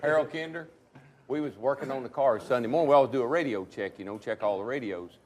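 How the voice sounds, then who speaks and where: Older man, retired racer, fast storytelling, chuckling, casual. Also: medium pitch. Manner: fast-talking, laughing through anecdotes. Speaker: retired stock car driver.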